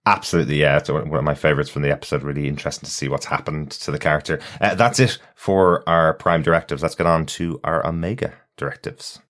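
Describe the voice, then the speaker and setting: A man hosting a casual podcast discussion, his voice extremely deep. He keeps things relaxed and steers the talk, often murmuring agreement while others speak. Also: fast talker, few pauses. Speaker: podcast host.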